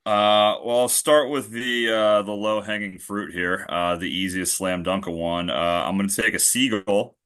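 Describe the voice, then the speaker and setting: A man's voice: on the low side, steady tone, a little slow, few pauses, fairly bright tone. A man co-hosting a casual comedy podcast, making wry jokes. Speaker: podcast co-host.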